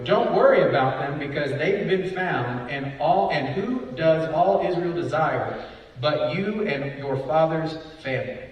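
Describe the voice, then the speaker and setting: Man, preacher, high voice, asks "right?" a lot, distant mic, big echoey church hall. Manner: asks the room rhetorical questions, often adds "right?". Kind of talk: Bible study sermon.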